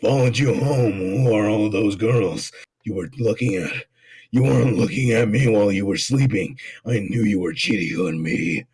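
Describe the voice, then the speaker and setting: A man reading out lines as a jealous, obsessive girlfriend with a flat, accusing delivery. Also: fairly low pitch, moderate pace, breathy edge, pitched below the performer's own voice.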